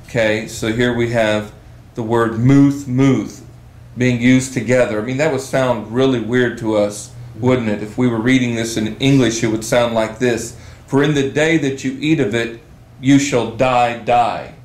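A man teaching a Bible study session, reading scripture aloud slowly and with emphasis. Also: medium pitch, darkish tone, roomy sound, low-quality recording.

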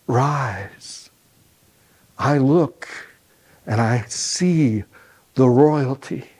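A man performing a dramatic personal story on stage, a literacy professor who swings between loud and hushed. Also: mid-range voice, breathy edge. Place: lecture hall stage.

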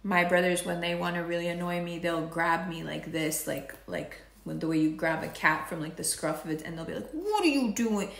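A woman's voice: lowish voice, monotone, fairly quick, creaky, few pauses, fairly bright tone. A woman giving a casual horoscope and tarot reading, playful and chatty, wandering off on tangents and swearing now and then. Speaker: astrology and tarot reader. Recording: echoey room.

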